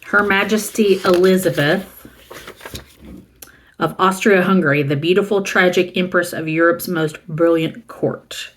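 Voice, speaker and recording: A woman's voice: lowish voice, fairly even intonation, unhurried. A middle-aged woman from the American South, chatting casually and rambling as she shows a used book haul and reads the titles aloud. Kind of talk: casual chat.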